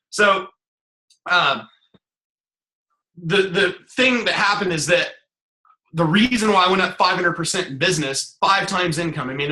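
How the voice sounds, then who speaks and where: A man's voice: a little high, pushed and bright, echoey room, low-quality recording. A middle-aged man giving a casual motivational talk as a guest speaker on a video call, rambling with many fillers and restarts, and swearing bluntly. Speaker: guest speaker, business coach.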